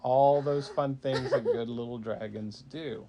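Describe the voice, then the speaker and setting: A man's voice: mid-range voice, steady tone, measured pace, noisy background. A man, a parent, making up a bedtime story for a child in a casual, rambling way with fillers.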